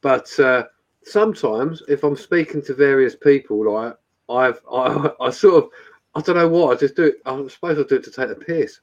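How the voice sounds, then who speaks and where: A man's voice: medium pitch, normal speed, muffled recording. A man in a casual chat, jokey and swearing, laughing often. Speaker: chat participant.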